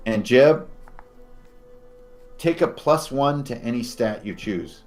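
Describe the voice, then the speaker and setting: A man's voice: mid-range voice, lively intonation, a little mellow. Game master guy narrating the scene, takes his time on the big moments, faint music behind. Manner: descriptive, slows down for dramatic moments.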